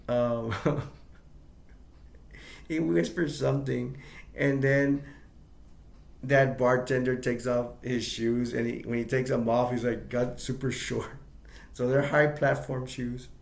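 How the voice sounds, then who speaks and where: An amateur reviewer, a man, casually retells a film's plot, rambling and halting, leaning on "like" and chuckling often. His mid-range voice is gravelly and delivered flatly, and the sound is roomy.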